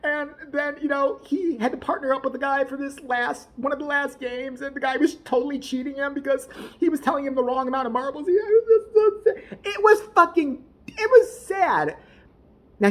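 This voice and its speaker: A woman ranting in a casual, rambling way, swearing often, laughing and putting on mock outrage as she talks. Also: fairly high pitch. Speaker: vlogger reviewing a TV show.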